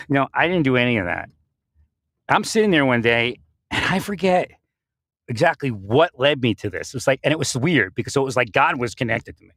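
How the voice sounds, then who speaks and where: A man's voice: medium pitch, lively intonation, moderate pace, a bit bright, no room sound, clean studio sound. A man giving a rambling spiritual monologue, often breaking into laughter and restarting his sentences. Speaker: spiritual speaker.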